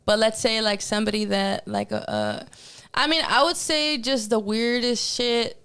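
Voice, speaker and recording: A woman's voice: a little high, big pitch swings, normal speed, a bit bright, smooth. A woman rapper, a guest on a podcast, chatting casually, swearing often and breaking in with exclamations. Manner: loose and profane, exclaims often. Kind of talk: casual interview chat.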